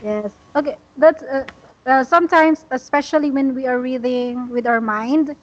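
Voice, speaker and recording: A woman teaching an English lesson, talking slowly and patiently with many fillers. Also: high-pitched, dull audio, slight background noise.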